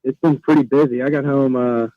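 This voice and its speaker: Young man, college golfer guest, relaxed, dull phone-in line, dry. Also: medium pitch, brisk, no echo. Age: young adult. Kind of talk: phone interview.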